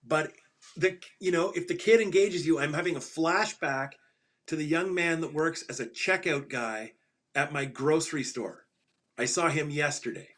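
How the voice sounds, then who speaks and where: A man's voice: fairly high pitch, moderate pace, a bit bright. A middle-aged man speaking as a guest on an interview show. He tells stories with emphasis, repeats his punchlines, and laughs at his own jokes. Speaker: podcast guest, financial advisor. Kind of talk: animated interview storytelling.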